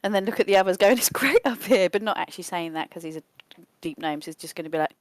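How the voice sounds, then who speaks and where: A woman's voice: on the low side, racing, darkish tone, no room sound. Chatty woman playing a tabletop game. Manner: chatty, laughing, thinking aloud. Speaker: player.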